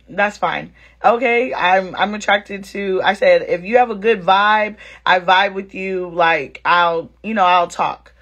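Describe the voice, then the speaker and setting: A woman vlogger chatting casually at home, telling viewers a dating story with slang and acting out both sides of the conversation. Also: mid-range voice. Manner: animated, talks straight to viewers, acts out both sides of the story; slangy, calls viewers girl and sis. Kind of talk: casual storytime chat to camera.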